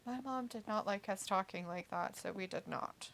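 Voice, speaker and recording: A woman's voice: mid-range voice, moderate pace, creaky, fairly bright tone, a little hiss or hum. A woman co-hosting a casual livestream, reading chat messages aloud and laughing often. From United States. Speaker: co-host reading live chat.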